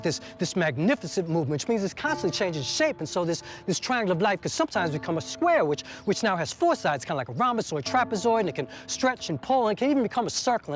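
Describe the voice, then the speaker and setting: Male narrator, lyrical spoken-word riffing, quick, over music. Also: sits high.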